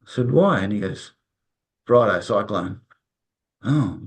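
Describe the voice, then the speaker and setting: Man, low-pitched voice, loose storytelling interview guest who stumbles and repeats himself. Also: lively intonation, slow pace, slightly rough. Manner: rambling, repeats words, acts out quoted dialogue. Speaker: interview guest, resilience consultant.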